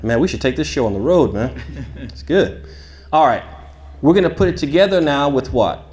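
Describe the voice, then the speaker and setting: A man leading a tajweed class, explaining rules, asking his students questions and reciting Arabic phrases slowly for them to repeat. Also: mid-range voice, expressive, a little mellow. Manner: asks the class questions then answers them. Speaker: shaykh teaching tajweed. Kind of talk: interactive classroom lesson.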